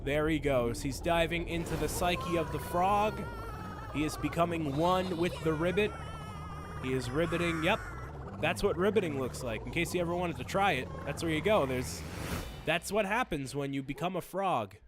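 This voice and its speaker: A man's voice: fairly high pitch, normal speed, background noise. A man hosting a video game playthrough, rambling through jokey, self-mocking commentary. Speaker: host.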